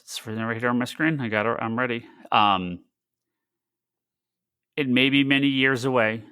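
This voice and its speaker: A man co-hosting a casual podcast chat, rambling and restarting his sentences with excitement. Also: medium pitch, normal speed, pauses often, clear, resonant tone, dry recording, studio quality. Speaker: podcast co-host.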